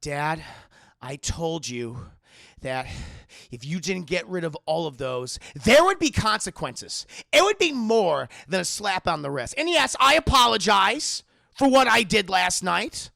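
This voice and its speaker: A man voicing a menacing, abusive grown son who threatens and yells. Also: on the high side, slow pace, creaky, pauses often, no echo, clean studio sound. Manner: threatening, builds to yelling.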